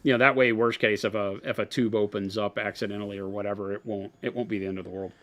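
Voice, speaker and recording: A man with a fairly low voice, talking casually on a live painting stream. He explains things in loose, wandering answers, padding them with "you know" and "um" as he goes. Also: fast talker. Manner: relaxed, rambling explanations with many fillers. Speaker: painting host answering viewer questions. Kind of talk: live-stream hobby chat.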